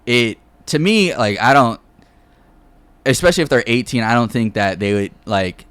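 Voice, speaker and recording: A podcast host talks casually, offering his opinions in a hedging manner packed with fillers. His mid-range voice moves at a moderate pace and sounds a bit bright and clean, with no room sound.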